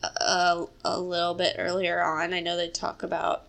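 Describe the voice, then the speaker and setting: Low, bright-toned woman chatting. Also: completely flat delivery, moderate pace, vocal fry, slight background noise. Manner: engaged, chimes in with short reactions. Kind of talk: casual book discussion.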